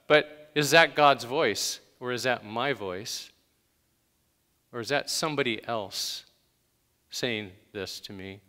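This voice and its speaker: A man's voice: mid-range voice, unhurried, long pauses, pushed and bright, in a large hall. A man preaching a sermon in a conversational way, with sudden emphatic bursts. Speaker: pastor.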